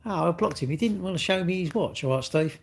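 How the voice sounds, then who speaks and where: A man's voice: sits high, animated, quick pace, creaky, slightly rough. An English man hosting a livestream, rambling and mocking in casual chat as he reads and answers comments. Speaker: livestream host.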